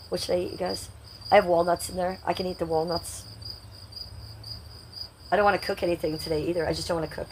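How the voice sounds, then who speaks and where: A woman's voice: fairly low pitch, flat delivery, a little fast, a little hiss or hum, poor audio. A woman hosting a casual livestream, rambling and confiding as she talks straight to her viewers. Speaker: livestream host.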